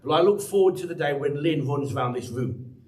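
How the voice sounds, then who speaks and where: A man's voice: on the high side, brisk, reverberant, recorded from a distance, slight background noise, poor audio. An English man preaching a sermon as pastor, chatty and teasing the congregation by name. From England. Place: church hall.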